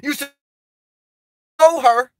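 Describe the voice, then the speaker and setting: High-pitched male vlogger, loose rambling delivery, frequent laughs, dry unreverberant sound. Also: slow pace, no echo. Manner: rambling, animated, laughs often, addresses viewers directly. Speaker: vlogger reading live chat. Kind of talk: casual live-stream chat.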